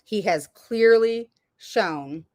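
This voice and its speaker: A woman's voice: medium pitch, expressive, drawn-out words, a little mellow. A woman hosting a livestream with advice for parents, speaking emphatically and repeating words for stress. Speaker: parent advocate host.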